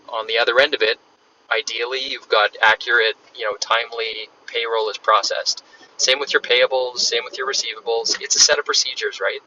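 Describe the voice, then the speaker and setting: A man's voice: medium pitch, sharp tone. A man hosting a podcast, explaining ideas in a casual, conversational way while on the road. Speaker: podcast host. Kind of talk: casual solo podcast talk. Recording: distant, dull lo-fi sound with faint noise.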